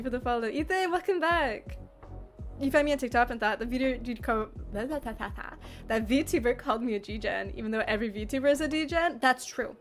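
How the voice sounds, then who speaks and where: Giggly woman chatting on stream. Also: high-pitched. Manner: giggly, chatty, answers chat messages. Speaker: livestream host reading chat. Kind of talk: casual livestream chat.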